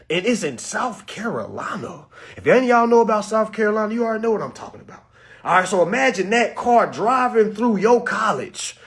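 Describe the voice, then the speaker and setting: A man talking casually to his live-stream viewers, animated and preachy, full of slang, swinging between loud and soft. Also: high-pitched, husky. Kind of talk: casual motivational talk to viewers.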